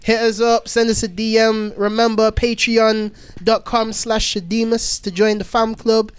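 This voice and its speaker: A man co-hosting a podcast in casual chat, enthusiastic, full of slang and quick to laugh. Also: high voice, little pitch movement, smooth. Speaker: podcast co-host.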